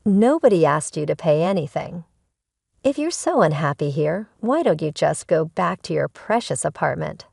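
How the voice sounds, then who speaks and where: A woman's voice: low-pitched, big pitch swings, moderate pace, gravelly, a little mellow, husky, dry recording, studio quality, full character voice. A woman voicing a scornful pregnant younger sister who snaps and mocks, in a story reading. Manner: snappish, mocking.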